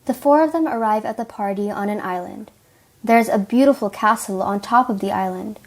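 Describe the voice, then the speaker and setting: A woman's voice: mid-range voice, a little fast. A teenage girl reading plain storybook narration for a school play. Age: teens.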